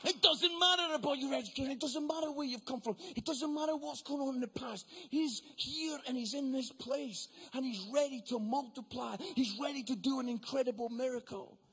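A male preacher, giving an excitable sermon in a church venue that builds into emphatic shouting. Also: very high-pitched, moderate pace, hardly any pauses, breathy edge. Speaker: guest preacher.

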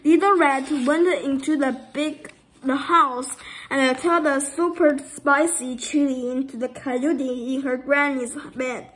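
Brief: high-voiced woman, slow storybook read-aloud, playful. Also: fairly even intonation, fairly bright tone, a little hiss or hum, low-quality recording. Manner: playful, occasional stumbles.

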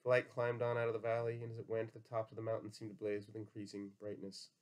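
A man's voice: on the low side, completely flat delivery, quick pace. A man reading a novel aloud, voicing every character himself. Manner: reads all characters himself with folksy drawl for dialogue. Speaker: audiobook reader. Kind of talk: dramatic audiobook reading.

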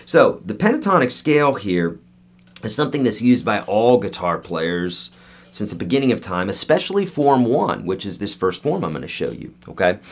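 A man giving a casual guitar lesson, chatty and joking, with animated asides. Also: medium pitch. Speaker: guitar teacher.

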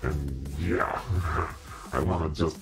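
A man's voice: rumbling low, slow, over loud music. A man in a casual live-stream chat with viewers, playful and mock-preachy, laughing often. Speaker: costumed demon-character livestreamer.

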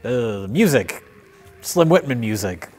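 A man's voice: mid-range voice, sing-song, slow pace, a little mellow, soft background music. A middle-aged man in casual film discussion, picking apart a movie's story in a dry, analytical way. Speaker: co-host reviewing films.

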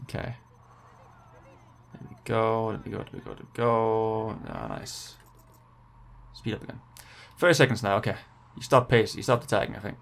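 An excitable young man talking through his gameplay live as it unfolds. He pleads with rivals, groans at setbacks and cheers his riders on in a casual, unscripted way. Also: fairly low pitch, normal speed, vocal fry, pauses often. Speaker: gaming channel host.

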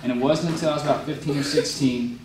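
A man's voice: medium pitch, steady tone, fast. A young man giving a rambling, self-mocking speech to a youth group and taking questions from the audience. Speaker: motivational youth speaker. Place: large room before a youth group audience. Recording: echoey room, mic at a distance, crowd noise.

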